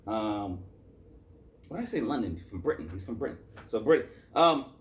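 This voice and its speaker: A man's voice: lowish voice, big pitch swings, moderate pace. A loose, chatty hip-hop reviewer man. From Boston. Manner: loose, chatty, filler-heavy, self-correcting. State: tired after a work shift. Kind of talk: casual rambling review chat.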